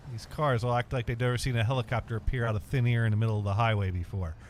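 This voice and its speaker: A man's voice: mid-range voice, steady tone, racing. Dry-joking man hosting a game stream. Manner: rambling, dry jokes, reads chat aloud. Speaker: streamer host. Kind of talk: casual gaming stream chat. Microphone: webcam and desk mic.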